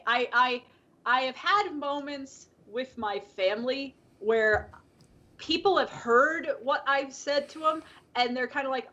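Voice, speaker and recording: A woman's voice: sits high, fairly bright tone. Chatty woman laughing on a lo-fi call. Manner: laughs often, rambling with many fillers. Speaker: podcast co-host. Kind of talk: casual chat. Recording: dull lo-fi call audio.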